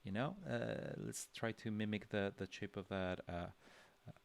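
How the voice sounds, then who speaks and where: Man, deep gravelly voice, laid-back drawing teacher on a livestream, full of ums and restarts. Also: normal speed. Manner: relaxed, thinking aloud with many fillers and restarts. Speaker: drawing instructor. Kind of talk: casual livestream drawing lesson.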